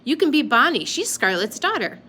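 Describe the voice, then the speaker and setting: A slightly bossy ten-year-old big sister in a storybook, read by a woman. Her speech is brisk with a scoffing edge. A faint hiss runs under the reading. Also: high voice, very animated, sharp tone, pitched above the performer's own voice, heavily acted. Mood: playful.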